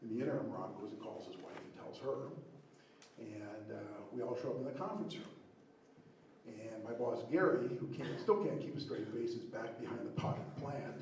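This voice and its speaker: A middle-aged man telling a comic story of his own at a live storytelling show, animated and laughing at his own prank. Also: medium pitch, moderate pace, heavy reverb, distant mic, background noise.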